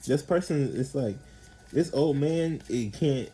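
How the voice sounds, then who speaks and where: This tarot reader takes his time, his mid-range voice coming through a low-quality recording. His reading is loose and rambling, peppered with slang and profanity, and he gets animated acting out the people he talks about.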